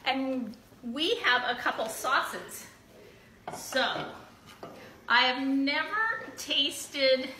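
Frying tortilla chips in her kitchen, a woman runs a live giveaway stream, chatting bubbly with viewers and whooping often. Her high-pitched voice is pushed and bright, recorded from a distance. There's roomy echo, faint room noise, and she sounds slightly off-mic.

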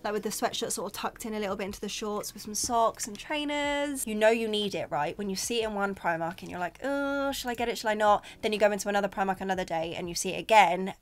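A woman's voice: mid-range voice, quick pace, hardly any pauses. Chatty British woman doing a haul. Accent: British English. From Britain. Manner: chatty, filler-heavy, candid and swearing. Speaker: vlogger. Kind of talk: casual shopping haul chat.

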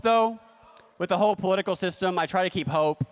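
Deadpan comedian man in a big hall. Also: fairly high pitch, fairly quick, clean tone. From United States. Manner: deadpan ironic delivery with playful asides to the crowd. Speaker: stand-up comedian. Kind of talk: stand-up comedy set. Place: large convention hall stage. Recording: long hall reverb.

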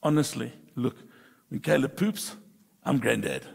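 A middle-aged pastor preaching a sermon, emphatic and humorous, moving between soft confiding talk and loud bursts. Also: male voice, mid-range voice, lively intonation, measured pace, creaky, husky. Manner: humorous storytelling. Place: church sanctuary. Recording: long reverb of a church hall.

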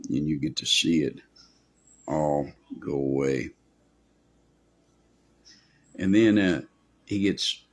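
A man's voice: extremely low pitch, slightly rough. A male pastor preaching a sermon in a folksy, rambling way with asides.

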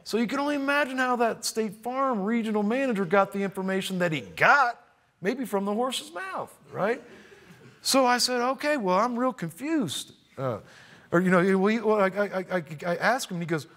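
A man's voice: sits high, moderate pace. A man who is a roofing contractor and trainer, telling a story casually to camera and acting out the people in it. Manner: animated, acts out quoted voices.

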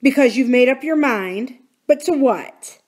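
A woman's voice: high-pitched, expressive, unhurried, a little mellow, pitched above the performer's own voice. A woman reading aloud, voicing a kindly, anxious middle-aged housekeeper who asks startled, earnest questions. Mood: alarmed.

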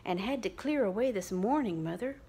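A woman's voice: mid-range voice, lively intonation, normal speed, mellow, husky. A dutiful young daughter home from work, voiced by a woman reading a novel aloud. She speaks plainly and earnestly, close to the reader's own voice. A light storybook touch.

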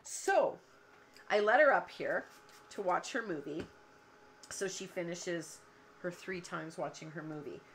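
A woman's voice: fairly low pitch, unhurried, long pauses, fairly bright tone, slight background noise. A woman hosting a cardmaking livestream from her home craft room, chatting and telling long stories while she works. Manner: chatty, rambling storyteller who laughs often. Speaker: cardmaking show host.

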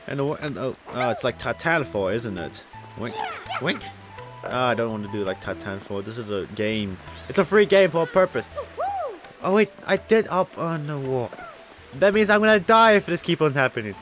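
A man giving playful let's-play commentary at a desk mic, giggling and shouting with excitement as he plays. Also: mid-range voice, normal speed, over music. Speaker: gaming youtuber. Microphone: desk microphone with headphones.

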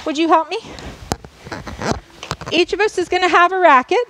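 A woman's voice: very high-pitched, normal speed, a bit bright, a little hiss or hum, rough recording. A woman coach demonstrating tennis drills for a class in a school gym, explaining each step and checking in often. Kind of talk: instructional demonstration.

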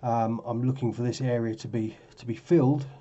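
A man's voice: mid-range voice, fairly even intonation, fairly quick, warm tone, breathy edge, lo-fi sound. A tired man talking casually through his trading charts, rambling and correcting himself as he goes. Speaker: forex trading vlogger. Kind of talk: casual screen-share commentary.

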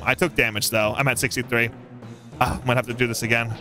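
A young man giving let's play commentary on a boss fight, excitable and taunting the enemy. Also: mid-range voice, fast, soft background music. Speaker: gaming YouTuber.

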